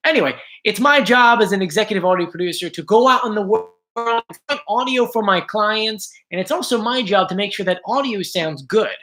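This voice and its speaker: A man's voice: high voice, expressive, moderate pace, sharp tone. A man hosting a casual live stream from home, chatting and greeting viewers by name, his voice a little strained. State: slightly strained voice.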